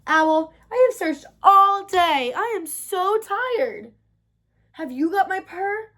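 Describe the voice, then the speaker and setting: A woman's voice: big pitch swings, moderate pace. A woman voicing a sad, determined little female kitten for a storybook reading. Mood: weary pleading. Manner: high, plaintive asking.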